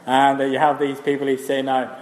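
An older man preaching a sermon, emphatic, repeating key phrases and slowing down to stress them. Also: mid-range voice, monotone, darkish tone. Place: church hall. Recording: echoey hall with long reverb.

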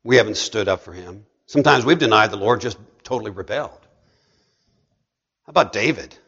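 A man preaching a sermon, swinging between hushed storytelling and emphatic, rising delivery. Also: fairly low pitch, animated, fairly quick, slightly rough, lo-fi sound.

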